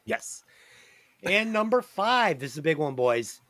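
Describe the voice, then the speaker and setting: Male host, high and very lively voice, swears freely, dry close recording. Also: unhurried, no room sound. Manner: animated, profane, quizzing the others. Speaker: podcast host. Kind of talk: casual chat.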